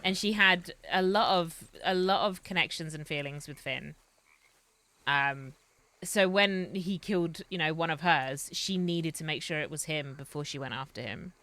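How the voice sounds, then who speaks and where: A woman's voice: low voice, moderate pace, sharp tone. A woman streaming a roleplay game, chatting in a rambling way and laughing often. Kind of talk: casual chat while streaming a roleplay game.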